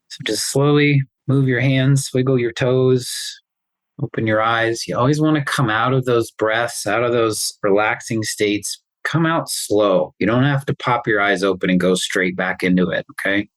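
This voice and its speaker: Calm man guiding a breathing exercise. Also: fairly low pitch, no echo, low-quality recording. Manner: calm, soothing, slow guidance. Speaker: pharmacist host. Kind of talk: guided breathing meditation. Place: online group call.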